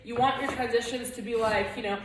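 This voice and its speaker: A woman's voice: a little high, steady tone, fast talker, heavy reverb, far from the mic, noisy background. A woman teaching a flamenco dance class, explaining steps and chanting the rhythms and counts aloud.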